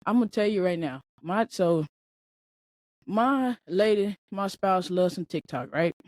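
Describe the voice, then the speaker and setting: A woman hosting a podcast in a casual, slangy monologue, talking in an animated way and laughing often. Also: medium pitch, measured pace, no echo. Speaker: podcast host.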